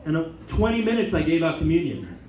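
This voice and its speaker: An American man, a Catholic priest and chaplain, giving an informal talk to a student group and telling stories with lively asides. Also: a little high, fast talker, background noise. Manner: animated storytelling with many asides and laughs. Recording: echoey room, mic at a distance.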